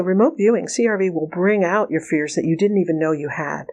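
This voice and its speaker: A woman guest in a conversational interview, telling anecdotes with lively quoted dialogue and frequent laughter. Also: medium pitch, fairly quick, few pauses. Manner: animated storyteller, acts out quoted dialogue, laughs often. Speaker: remote viewing trainer, guest.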